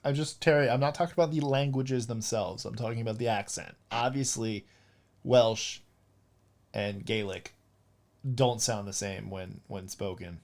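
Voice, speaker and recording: A man's voice: lowish voice, normal speed, a little mellow. A man in casual chat, talking animatedly with lots of fillers and restarts. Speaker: role-playing game player.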